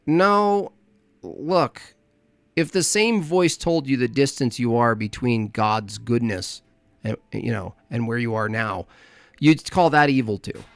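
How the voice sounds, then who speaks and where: A man's voice: mid-range voice, takes it slowly, vocal fry, no echo. A man hosting a livestream, reacting to a clip with crude, mocking, rambling commentary.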